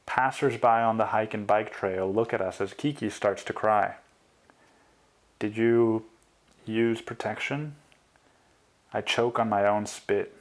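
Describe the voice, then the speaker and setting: Male author-narrator, slightly low voice, quiet and confessional audiobook reading. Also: fairly even intonation, moderate pace, few pauses.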